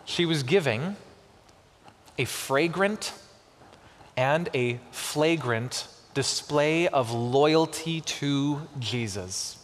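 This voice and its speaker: A man preaching a sermon as pastor, with expressive delivery and slow, emphatic pauses on key words. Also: fairly high pitch, slight background noise. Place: church sanctuary. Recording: long church reverb.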